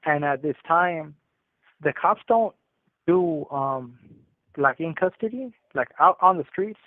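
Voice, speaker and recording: A man's voice: a little high, animated, takes it slowly, no echo. A man telling a story casually over the phone, using street slang and often restarting his sentences. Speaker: incarcerated storyteller calling in. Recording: tinny prison phone line.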